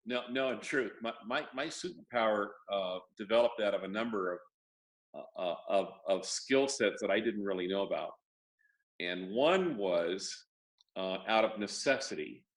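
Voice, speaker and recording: A man's voice: fairly low pitch, fairly bright tone. Older man with a wry, joking manner. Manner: wry, joking storyteller, halting restarts. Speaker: guest, property lender. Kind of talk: casual interview chat.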